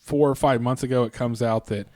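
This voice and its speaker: A man's voice: medium pitch, fairly even intonation, a little fast, mellow, no echo, studio quality. A man co-hosting a podcast, ranting casually with lots of restarts and fillers. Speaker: podcast co-host. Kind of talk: casual rant.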